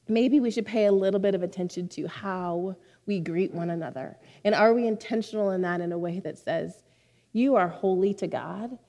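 A woman's voice: medium pitch, warm tone. A woman preaching a sermon to her church in a conversational, heartfelt way, with frequent asides. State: near tears for a moment. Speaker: pastor.

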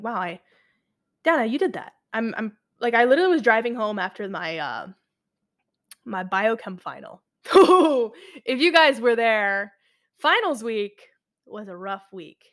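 A woman's voice: mid-range voice, a bit bright. A woman in her twenties, a college student talking through her year in a casual, rambling monologue full of fillers and self-corrections.

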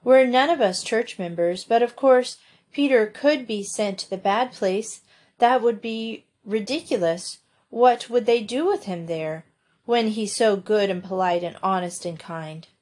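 A woman's voice: mid-range voice, unhurried, darkish tone, close to an everyday voice. A woman voicing a prim young farm girl who scolds the others in a reproachful, proper way.

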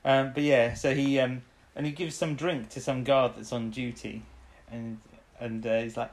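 A woman's voice: very deep voice, fairly even intonation, moderate pace, few pauses, darkish tone. Rambling woman recapping an episode. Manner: rambling, laughs often, trails off. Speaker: podcast co-host. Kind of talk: casual chat recapping an episode.

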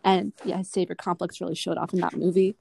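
A young woman co-hosting a casual podcast, talking haltingly with restarts. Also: on the low side, little pitch movement, gravelly, a little mellow, slight background noise. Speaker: podcast co-host.

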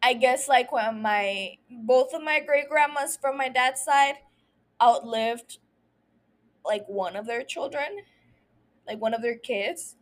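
A woman's voice: a little high, slow. A young woman hosting a casual recap podcast, ranting emotionally and swearing freely. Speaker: podcast host.

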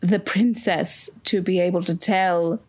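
A woman's voice: fairly low pitch, fairly even intonation, measured pace, darkish tone, slightly rough, voice pushed down. A woman improvising a rambling, bumbling castle kidnapper in a comedy scene, chatty and jumping between ideas. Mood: scheming.

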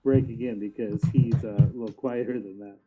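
A man's voice: lowish voice, steady tone, a little fast, muffled recording, music in the background. A man co-hosting a casual wrestling podcast, joking around, laughing often and swearing casually over a remote call. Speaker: podcast co-host.

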